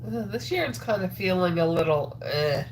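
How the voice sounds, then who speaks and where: A woman's voice: fairly low pitch, animated, moderate pace, a little hiss or hum. Stuffed-up woman chatting on a craft livestream. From Atlantic Canada. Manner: rambling, chatty, with frequent ums and trailing sos. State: stuffed-up nose, sniffling. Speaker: crochet livestream host. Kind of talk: casual livestream chat while crocheting.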